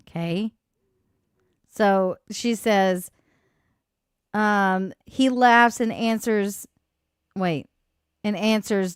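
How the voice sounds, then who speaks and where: A woman's voice: mid-range voice, very slow, long pauses, clear, resonant tone, no echo, studio quality. A woman hosting a livestream, casually chatting and commenting on a story she is playing. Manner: casual, offhand asides. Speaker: livestream host. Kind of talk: casual chat, reacting to a story.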